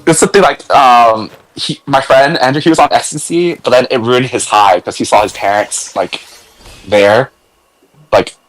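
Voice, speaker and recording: A young man chatting casually as a stream host, laughing often and acting out what others said in high voices. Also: moderate pace, rough recording. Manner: laughs a lot, acts out quotes in high voices. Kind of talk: casual chat.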